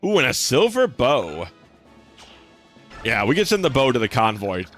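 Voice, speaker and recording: A young man talking through a video game stream in a loose, rambling way, full of restarts and "like"s. His pitch swings lively up and down as he chats. Soft game music plays faintly behind him. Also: moderate pace. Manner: rambling, chatty, lots of fillers and restarts. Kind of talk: casual gameplay commentary.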